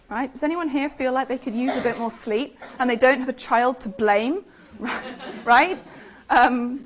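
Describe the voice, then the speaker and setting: A woman with a British accent giving a live talk, chatty and full of questions to the audience. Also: fairly high pitch. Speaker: speaker giving a talk on infant sleep.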